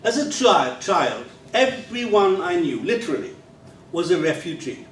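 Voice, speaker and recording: A man in his sixties with an unusual English accent gives a measured public lecture with a dry touch of humor. His voice sits a little high for a man. It is picked up from some distance in an echoey hall over faint room ambience. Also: big pitch swings, slight background noise. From England. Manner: measured, wry storytelling. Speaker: guest lecturer.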